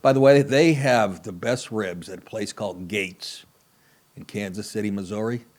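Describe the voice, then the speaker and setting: A man's voice: fairly low pitch, moderate pace, a little mellow. A man hosting a comedy podcast, talking in a profane, rambling, sarcastic way. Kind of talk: casual comedic podcast monologue.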